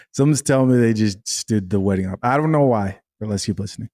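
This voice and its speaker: A man's voice: on the low side, mellow. A man giving blunt, opinionated commentary as he reacts to a video and talks back to it.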